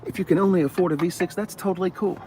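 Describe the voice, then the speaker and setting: A man's voice: sits high, steady tone, rapid-fire, background noise. A middle-aged man joking and teasing as he shows cars around a car lot. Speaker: car dealership vlogger. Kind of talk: casual walkaround chat.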